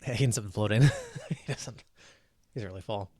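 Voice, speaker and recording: A man's voice: lowish voice, moderate pace, no room sound. Easygoing man running a tabletop game. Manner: relaxed, with frequent fillers. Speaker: game master.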